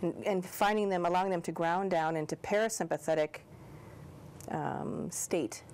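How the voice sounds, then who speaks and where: A woman hosting a talk show, soft-spoken and hesitant, often repeating words as she asks questions. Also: fairly low pitch, normal speed, a little hiss or hum. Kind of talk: interview conversation.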